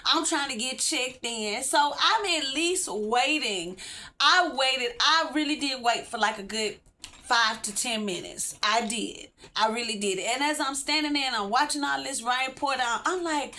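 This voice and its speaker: Woman, casual storytime vlog, high voice, talks straight to viewers. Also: moderate pace, a little hiss or hum. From Texas, USA. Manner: animated, chatty, laughs often, addresses viewers directly. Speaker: vlogger.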